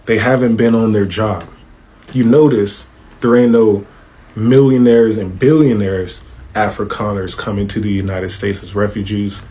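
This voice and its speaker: Indignant male commentator with a lowish voice, slows down to stress words. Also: darkish tone. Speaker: social media commentator. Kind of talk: direct-to-camera commentary.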